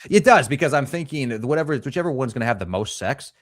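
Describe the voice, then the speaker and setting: A man's voice: medium pitch, expressive, fast talker, no room sound, studio quality. A man co-hosting a casual livestream, reading chat comments aloud and joking crudely. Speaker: podcast co-host.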